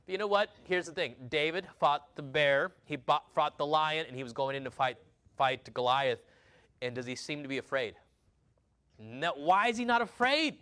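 A male pastor delivering an animated sermon. His slightly high voice drops to soft, halting asides, then rises loud and slow for emphasis, with plenty of repeated words. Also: clear, resonant tone.

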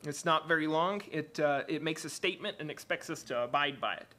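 A man preaching a church sermon and reading aloud from the Bible, halting often with fillers and restarts. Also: on the high side, pushed and bright. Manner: hesitant, many fillers and restarts.

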